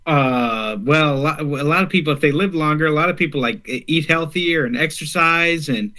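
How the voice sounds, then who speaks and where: Bright, hesitant podcast co-host man. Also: fairly high pitch. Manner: hesitant, easygoing, halting. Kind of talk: casual comedic chat.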